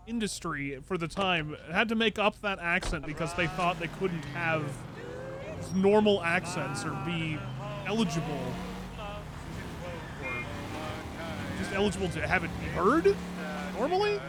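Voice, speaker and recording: A man's voice: a little high, unhurried, pauses often. A man streaming a game, chatting and joking casually as he plays. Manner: chatty, jokey, mocks old accents. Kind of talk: casual gameplay commentary.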